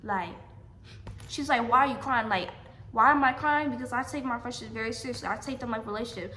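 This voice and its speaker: Bright, high-voiced woman telling a story. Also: a little fast, reverberant, slight background noise. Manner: emphatic, repeats lines, addresses viewers as y'all. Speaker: vlogger. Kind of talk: storytime vlog.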